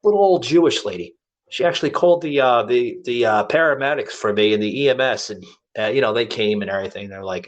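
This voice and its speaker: A man's voice: on the low side, quick pace. A man hosting a podcast, telling a rambling personal story in casual chat with plenty of restarts. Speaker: podcast host.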